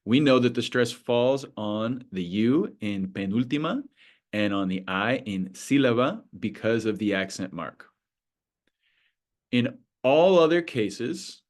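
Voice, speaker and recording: A male Spanish teacher explaining a beginner lesson, patiently slowing down to model words. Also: fairly low pitch.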